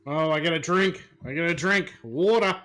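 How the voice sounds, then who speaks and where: A man's voice: a little high, normal speed, sharp tone, smooth, faint music behind. A man chatting casually on a live stream at home, exclaiming and repeating words.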